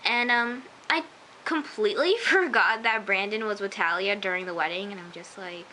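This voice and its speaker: A woman's voice: medium pitch, normal speed, bright, forceful tone, a little hiss or hum, rough recording. A woman chatting emphatically as she recaps and reviews a TV episode, with lots of asides. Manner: chatty, emphatic, often says "I'm just like". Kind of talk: casual recap vlog.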